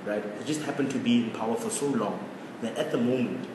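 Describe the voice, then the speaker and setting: Co-host in his twenties from South Africa, opinionated and animated, recorded from far off in an echoey room with background noise. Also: medium pitch, fairly quick. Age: 20s. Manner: opinionated, animated, laughs often. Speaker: podcast co-host. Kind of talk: casual chat.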